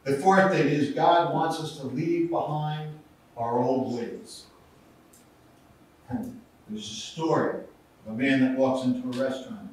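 A male pastor preaching a sermon, telling stories with animated, acted-out delivery. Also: medium pitch. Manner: storytelling with acted-out voices and rising intensity. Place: church sanctuary. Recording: echoey church sanctuary, from far off, faint noise.

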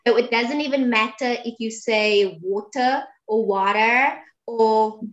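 A woman's voice: fairly high pitch, steady tone, measured pace, dull audio. A woman from hosting a casual interview, upbeat and teasing. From South Africa. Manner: upbeat and playful, teasing her guest. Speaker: host.

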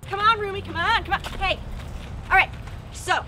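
A woman's voice: very high voice, normal speed, background noise. A woman playing a perky, naive female fairy who is eager and scatterbrained, in a comedy web series. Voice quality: bubbly, chirpy and eager. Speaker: Funnelmare.

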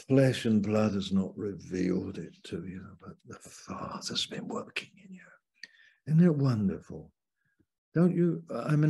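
A man preaching as a Bible teacher over a video call, slow and fervent, leaning hard on key words. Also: fairly low pitch, gravelly, mellow, slightly rough.

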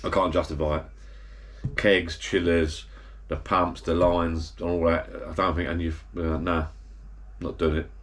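This vlogger has a deep, fairly bright voice with little pitch movement, and he takes his time. Talking to camera in his garden bar out back, he wanders through pub anecdotes in a chatty, blokey way, correcting himself as he goes.

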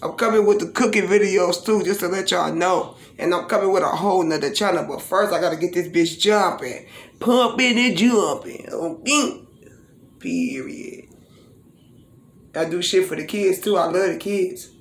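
Now speaking fairly quickly with few pauses, the woman keeps a low, fairly even voice as she chats to camera and drops into swear-filled, boastful freestyles. It's recorded at home in her living room, with roomy echo.

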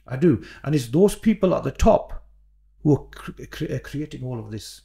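An earnest man talks through a podcast conversation, circling back and repeating himself as he builds his point. His voice carries a gravelly, fried edge, and the tone sits dark and mellow. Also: medium pitch, sing-song, normal speed. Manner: earnest, repeats words, many fillers and restarts. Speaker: podcast guest, imam.

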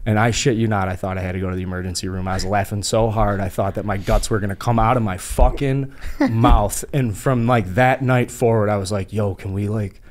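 A man's voice: on the low side, fairly even intonation, a little fast, a little hiss or hum. A young man hosting a podcast, telling a story in a rambling, profane way full of fillers. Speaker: podcast host. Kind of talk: casual storytelling.

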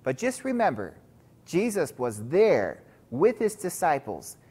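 A man's voice: a little high, wildly swooping pitch, unhurried, mellow, breathy edge. A man giving a chapel sermon to school children, telling a story and often calling them guys. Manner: storytelling, addresses listeners as guys.

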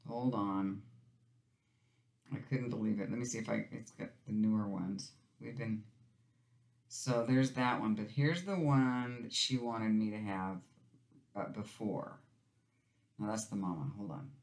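A woman's voice: very deep voice, unhurried, pauses often, a little mellow, echoey room. A woman vlogging about her crafting, chatty and storytelling, talking to her viewers as "you guys".

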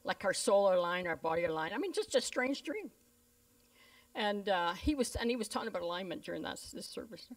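A woman's voice: mid-range voice, a little fast. A woman pastor, telling stories in a sermon and acting out the voices of the people in them. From Canada. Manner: lively storyteller who voices the people in her stories. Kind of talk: storytelling sermon. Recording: voice a bit distant from the mic.

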